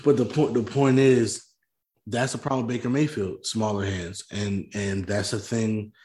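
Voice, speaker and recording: A man's voice: lowish voice, fairly even intonation, moderate pace, darkish tone. Man, podcast co-host, casual sports talk, argumentative, echoey room. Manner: argumentative, explains at length.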